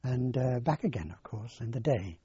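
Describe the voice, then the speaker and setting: An older man, recounting his past in a halting, rambling way in an oral history interview. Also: mid-range voice, expressive, warm tone, slightly rough, dry recording. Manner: halting, rambling storyteller with many fillers. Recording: dull lo-fi dry recording.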